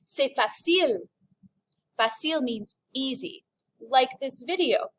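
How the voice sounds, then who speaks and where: Slow, cheerful woman teaching French. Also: high-pitched, lively intonation, fairly bright tone. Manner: slow and clear, models French words, upbeat. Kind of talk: recorded classroom lesson.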